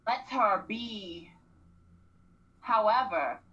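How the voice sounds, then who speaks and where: A woman co-hosting a radio show, animatedly recapping a reality series and acting out quotes with frequent throat clearing. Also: mid-range voice, expressive, drawn-out words, a bit bright. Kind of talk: casual recap chat. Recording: distant, dull lo-fi radio mic.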